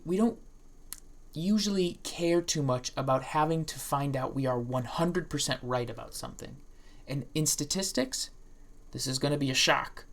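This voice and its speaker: A woman professor with a deep, gravelly voice gives a recorded statistics lecture in a playful, lively manner. She acts out what imagined students might say, and often restarts sentences or wanders into asides.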